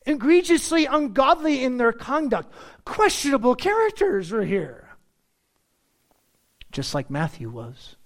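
With a measured pace and frequent pauses, a male pastor addresses his congregation in an animated, talkative sermon full of jokes and playful asides. He lifts his pitch high for emphasis and lowers it for confiding remarks, letting it roam widely.

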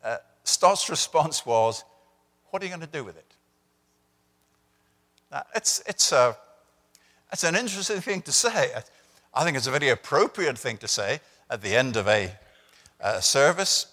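A man's voice: mid-range voice, big pitch swings, normal speed, sharp tone. An older man preaching as a visiting pastor, conversational with dry humor. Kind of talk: sermon. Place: church sanctuary. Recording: long church reverb.

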